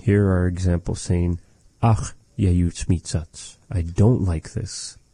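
A man with a low, very dark and mellow voice leads a relaxed language lesson. He speaks slowly and patiently, repeating each phrase carefully, with a dry, close sound. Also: slightly rough, dry recording. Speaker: language teacher.

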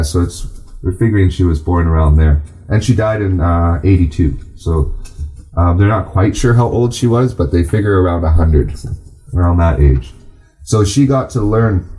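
A man teaching a class, speaking unhurriedly with many fillers and restarts, then reading aloud slowly to the group. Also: low-pitched, dark tone, rough recording. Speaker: language and culture teacher.

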